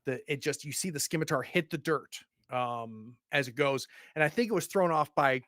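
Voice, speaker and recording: Male game master, slightly high voice, close dry sound, stop-start narration. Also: pushed and bright, no echo. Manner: halting, restarts often while describing action.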